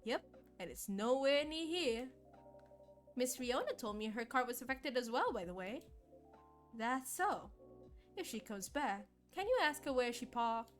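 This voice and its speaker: A woman's voice: on the high side, animated, unhurried, faint music behind. A woman voicing a friendly male police officer in a put-on American Southern accent, easygoing and folksy. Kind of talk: streamer voicing game dialogue.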